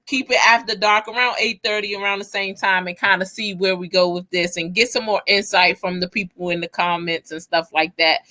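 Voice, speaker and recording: Easygoing female talk host, chatty and bright-toned. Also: medium pitch, fairly even intonation, brisk, few pauses. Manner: chatty, easygoing, laughs often. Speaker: show host. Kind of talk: casual live-stream chat.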